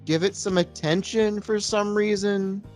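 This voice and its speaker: A man with a somewhat high voice co-hosting a relaxed movie podcast. He walks through scenes in a halting, stop-start way. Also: faint music behind. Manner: halting, recapping scenes with restarts. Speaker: podcast co-host. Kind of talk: casual movie-review chat.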